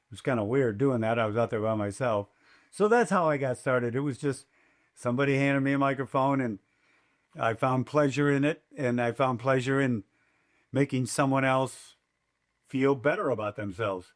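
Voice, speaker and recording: A man's voice: mid-range voice, normal speed. An older man, a race announcer, telling stories in a podcast interview and acting out quotes in a raised voice. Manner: animated, acts out quotes in a raised voice.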